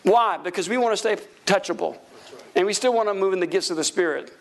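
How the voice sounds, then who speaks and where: High-pitched gravelly pastor. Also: male voice, fast. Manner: preachy, calls for amens, animated swings in pitch. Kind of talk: sermon.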